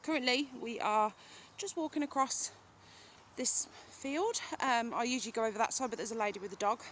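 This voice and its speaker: A woman in her thirties with a British accent talks into her phone while riding her horse through fields. She rambles in a relaxed, chatty way, full of ums, and sometimes turns to speak to the horse. Faint outdoor noise runs behind her. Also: fairly high pitch, fairly quick. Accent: British English. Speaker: vlogger. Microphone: phone held while riding. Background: outdoor ambience with animal sounds.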